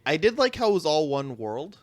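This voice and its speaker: A man's voice: on the high side, very animated, brisk. A man co-hosting a casual movie podcast, mostly adding brief comments and agreement. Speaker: podcast co-host. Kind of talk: casual film review chat.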